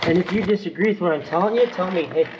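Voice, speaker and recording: A man hosting a video outdoors on a farm, casually directing people and praising his dogs in short, bossy bursts. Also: sits high. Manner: bossy, gives quick directions. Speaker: host, pest control dog handler. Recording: outdoor noise behind the voice.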